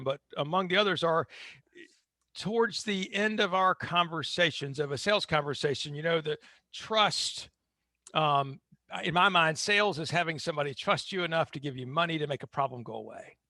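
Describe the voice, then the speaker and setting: Bright, slightly high-pitched podcast host. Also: male voice, lively intonation, fairly quick, no room sound, clean studio sound. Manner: reflective, casual, swears lightly. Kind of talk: casual podcast interview.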